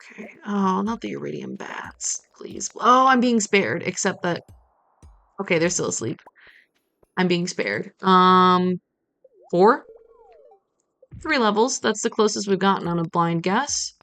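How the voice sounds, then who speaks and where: A woman's voice: mid-range voice, very animated, measured pace, long pauses, fairly bright tone, no room sound. A woman streaming a farming game, chatting playfully and muttering to herself as she plays. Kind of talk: casual gameplay commentary.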